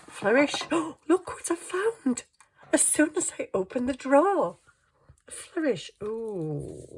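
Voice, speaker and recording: A woman's voice: sits low, slightly rough. A woman chatting casually while crafting at home, tired, ditzy and giggly, muttering to herself as she hunts round her desk. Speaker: craft vlogger.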